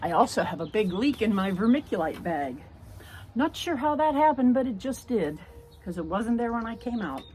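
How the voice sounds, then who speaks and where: A woman's voice: fairly high pitch, sing-song, moderate pace, darkish tone, a little hiss or hum. An older woman chatting in a homespun way as she walks outdoors through a backyard, filming on a handheld phone. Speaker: home and garden vlogger. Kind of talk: casual walk-through vlog.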